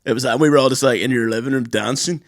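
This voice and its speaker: A man in his twenties, co-hosting a podcast, telling lively, sweary stories and laughing often. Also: mid-range voice, fast talker, no echo, studio quality. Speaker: podcast co-host. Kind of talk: casual chat.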